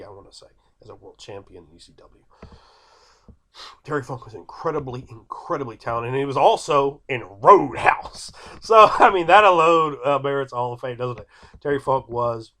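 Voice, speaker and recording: With a mid-range, slightly bright voice, this man in his thirties, a video creator, argues with an imaginary viewer. His commentary is opinionated and emphatic, and he keeps repeating his points.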